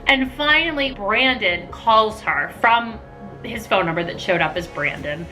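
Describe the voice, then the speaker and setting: Bright-voiced middle-aged woman telling stories. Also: mid-range voice, measured pace, faint music behind. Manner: lively, animated, laughing storyteller. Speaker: mother telling a family story. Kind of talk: casual storytime vlog.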